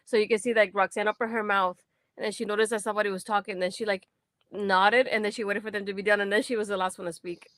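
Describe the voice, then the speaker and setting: A woman's voice: mid-range voice, fairly even intonation, fast, a bit bright, a little hiss or hum. A woman co-hosting a casual wrestling post-show, blunt and sarcastic in her opinions. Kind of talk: casual chat.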